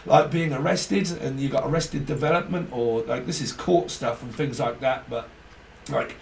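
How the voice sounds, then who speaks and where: A man's voice: medium pitch, moderate pace, creaky, distant mic. Rambling man giving a tarot reading. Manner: rambling, free-associating, jokey. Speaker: tarot reader. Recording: echoey room, off-mic, faint hiss.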